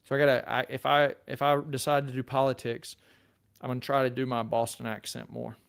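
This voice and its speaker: A man's voice: medium pitch, a little fast, creaky, clear, resonant tone. A middle-aged man with a Southern accent, a lawyer hosting a casual livestream and chatting easily through viewer comments. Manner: relaxed, chatty, self-deprecating. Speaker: lawyer and channel host.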